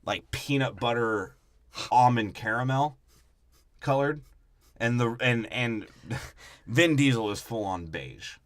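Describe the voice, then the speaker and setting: A man's voice: medium pitch, lively intonation, dry recording. A man co-hosting a podcast, breaking down a movie in casual, crude, joking chat. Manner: crude, joking, trades quick riffs and impressions. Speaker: podcast co-host.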